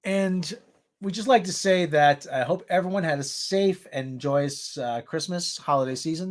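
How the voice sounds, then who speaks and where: A man's voice: on the high side, moderate pace. A man from the New area, hosting a casual news roundup in a rambling way with jokey asides. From New York area. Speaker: show host.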